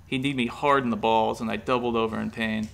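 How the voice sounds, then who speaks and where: A man reading a comic horror story aloud in a brisk, deadpan way. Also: lowish voice, gravelly.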